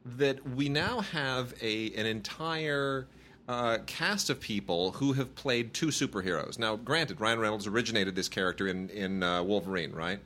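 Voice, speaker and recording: Bright-voiced man rambling about movies. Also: lowish voice, normal speed, a little hiss or hum. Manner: rambling, many restarts and fillers. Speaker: podcast co-host. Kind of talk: casual chat reviewing movies.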